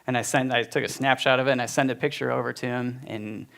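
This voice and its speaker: Speaking quickly with a fairly even intonation, this man in his forties has a medium-pitched, slightly bright voice with vocal fry. At a church gathering he shares his personal testimony, telling his story in a heartfelt, conversational way full of fillers.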